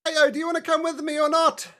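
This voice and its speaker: Man doing a high-pitched flustered non-combatant, urgent, strained, sharp-toned, tabletop game character. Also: flat delivery, fast talker.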